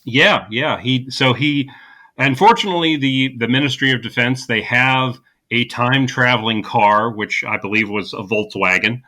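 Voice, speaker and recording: A man with a bright, mid-pitched voice talks through a movie plot on a podcast. He is casual and loose, full of ums and restarts. He slips in deadpan sarcasm as he goes. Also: normal speed. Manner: dry sarcastic humor with frequent fillers and restarts. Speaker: podcast co-host.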